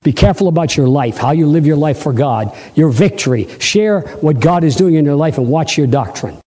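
Male preacher, sermon, dramatic delivery, slightly high voice, mellow tone, long hall reverb. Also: expressive, brisk. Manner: dramatic, acts out scripture voices with big pitch swings.

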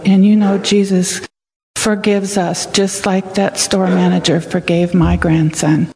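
A woman's voice: fairly low pitch, flat delivery, a little slow, a little mellow. An older woman telling a story as a children's sermon, asking the children questions as she goes. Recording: echoey hall.

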